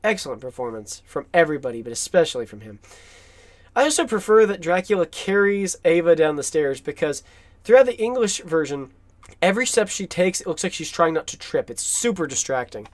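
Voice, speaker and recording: Big pitch swings mark this brisk, enthusiastic film commentator as he chats loosely over movie clips, laughing often. The recording is close and dry, with no room sound.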